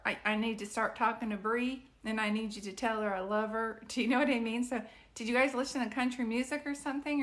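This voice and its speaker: A woman doing psychic readings on a live stream, chatting with viewers in an excitable, rambling way. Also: on the high side. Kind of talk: casual live-stream chat.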